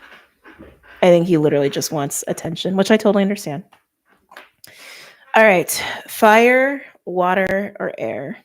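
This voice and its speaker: A woman giving a casual tarot reading straight to her viewers, chatty and informal, with quick laughs and lots of "like". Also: medium pitch, animated. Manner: talks straight to viewers by sign. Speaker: tarot reader.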